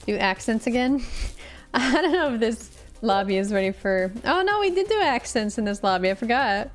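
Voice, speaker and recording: A woman's voice: on the high side, lively intonation, moderate pace, faint music behind. A woman streaming a game with friends, chatting casually and laughing between lines. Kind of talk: casual gaming voice chat.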